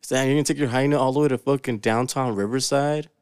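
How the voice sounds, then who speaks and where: A man's voice: mid-range voice, steady tone, fast talker, darkish tone, smooth, no room sound, studio quality. Laid-back slangy man telling stories. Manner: laid-back slangy storytelling, swears a lot. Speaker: podcast co-host. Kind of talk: casual chat.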